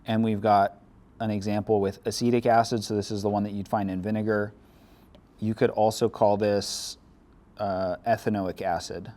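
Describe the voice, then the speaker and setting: A man's voice: on the low side, level tone, moderate pace, warm tone. A man teaching a chemistry lecture, explaining step by step in a casual way with dry sarcasm. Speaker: chemistry instructor. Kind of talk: classroom lecture.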